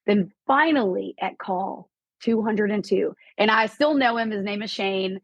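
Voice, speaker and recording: A woman guest on a podcast telling a personal story, animated and quoting people in lively voices. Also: mid-range voice, a little slow, dry recording, muffled recording. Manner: animated, quotes herself and others in lively voices. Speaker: podcast guest, real estate investor. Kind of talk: storytelling in an interview.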